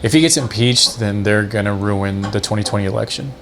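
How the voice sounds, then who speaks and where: A young man co-hosting a podcast, chatting casually and explaining things in a relaxed, plain way. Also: on the low side, a little fast, noisy background. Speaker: podcast co-host. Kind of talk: casual chat.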